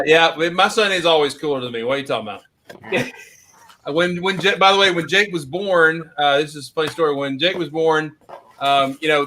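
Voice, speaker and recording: A man with a bright, forceful voice hosts a loose video chat, telling stories and laughing often. He talks into a computer mic, and a faint hiss of noise sits behind him. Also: a little high. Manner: laughs often, rambling storyteller. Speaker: host.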